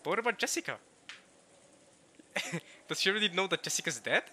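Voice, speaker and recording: Excitable young man with a bright, lively voice. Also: sits high, fairly quick, slight background noise. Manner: excitable, animated, stammers and laughs often. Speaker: let's play commentator. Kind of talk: reacting while reading a visual novel aloud.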